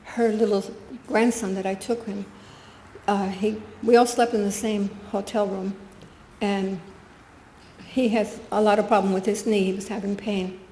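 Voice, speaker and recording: Older woman, guest speaker, personal testimony, middle pitch, roomy meeting-room sound. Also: little pitch movement, measured pace, dark tone, slight background noise. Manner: earnest, storytelling with quoted dialogue. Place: spiritual center meeting room. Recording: echoey room with faint ambience.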